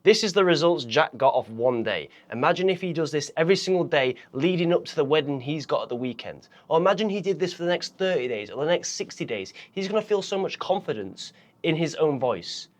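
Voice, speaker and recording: A man addresses the viewer directly in an energetic public-speaking lesson to camera. To show each technique, he deliberately shifts how high, how loud and how fast he speaks.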